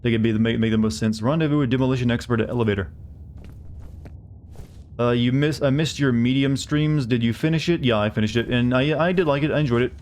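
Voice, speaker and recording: Fast-talking male game streamer. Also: medium pitch, darkish tone, slight background noise. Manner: chatty, rambling, many restarts. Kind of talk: casual gameplay commentary.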